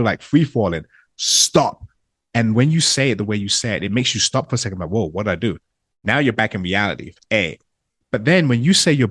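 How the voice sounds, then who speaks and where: Reflective man podcaster with a lowish voice. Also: dry recording, clean studio sound. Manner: reflective, enthusiastic, builds points in lists. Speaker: podcast co-host and coach. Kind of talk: casual podcast conversation.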